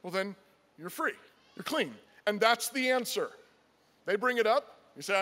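A man's voice: high-pitched, animated, measured pace, sharp tone, big-room sound. A man preaching a sermon as pastor, earnest and emphatic, repeating key phrases and acting out imagined conversations. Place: church sanctuary.

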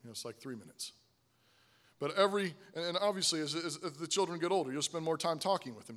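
Man, pastor, sermon, high bright voice, emphatic, loud stresses and quiet asides. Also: animated, quick pace. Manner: emphatic, with repeated "Right?" asides.

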